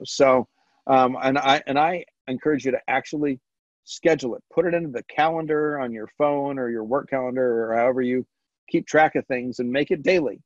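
A man presenting a stress management webinar in a relaxed, conversational way, pausing often with ums and restarting his sentences. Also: mid-range voice, no room sound. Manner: halting, with frequent ums and restarts. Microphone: video call. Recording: dull lo-fi webinar audio, dry.

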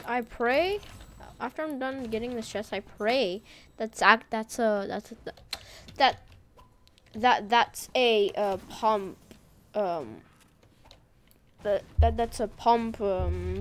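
A woman giving casual, rambling gaming commentary, excitable and full of slang as she plays. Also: on the high side, takes it slowly, long pauses, slight background noise. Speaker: gaming video creator.

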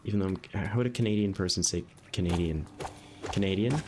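Talking very fast in a lowish voice, a young man from the northeastern U.S. rambles easygoingly through a live gaming stream, peppering his commentary with "um" and "like." Game music and other background noise can be heard.

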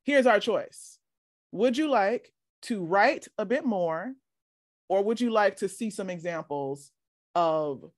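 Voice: medium pitch, dry recording, studio quality. A workshop leader teaching casually over a video call, chatty and encouraging, often asking "right?".

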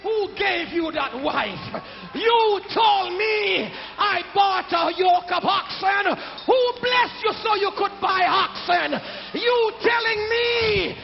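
High-pitched preacher in an echoey hall. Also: male voice, animated, takes it slowly, vocal fry, hardly any pauses, soft background music. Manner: call-and-response preaching, builds to shouting. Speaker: pastor. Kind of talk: sermon. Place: church sanctuary. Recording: echoey church hall, dull sound.

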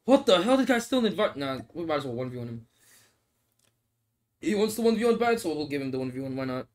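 A man's voice: a little high, very animated, quick pace, a little mellow, a little hiss or hum. A young man streaming a mobile game, joking and swearing in casual chat while he answers comments and eats noodles. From Australia. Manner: laid-back, joking, swears, laughs often; talks while eating noodles.

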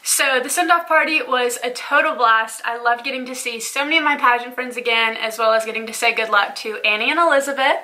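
A young woman talking to her camera in a casual, bubbly vlog, gushing and excitable between chats with friends. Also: on the high side, a little fast, few pauses. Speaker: pageant titleholder vlogger. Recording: noisy event with chattering crowd.

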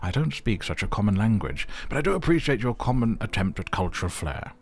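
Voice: mid-range voice, sing-song, a little fast, husky. A synthetic game voice playing a haughty, snobbish neighbor who talks in a pompous, condescending, formal way.

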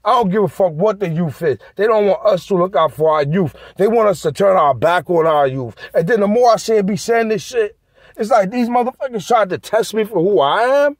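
A man's voice: sits high, brisk, no room sound, studio quality. A man vlogging in a heated, profane rant aimed straight at his viewers. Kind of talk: ranting monologue to camera.

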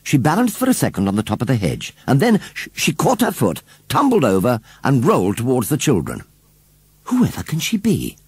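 Husky, animated male storyteller. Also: medium pitch, brisk, few pauses, dry recording. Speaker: audiobook reader. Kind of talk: storybook narration.

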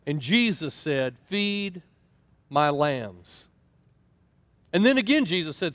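A man's voice: on the high side, slow pace, long pauses, dry recording. A man preaching a sermon, telling stories and acting out quoted dialogue. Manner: storytelling, acts out quoted dialogue with lively swings. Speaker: pastor.

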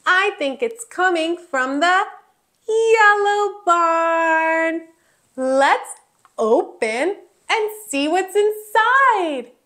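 Very high, slow sing-song woman teacher. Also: animated, sharp tone. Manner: exaggerated, playful, gasps and animal sounds. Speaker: toddler speech teacher. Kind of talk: sing-song talk to toddlers.

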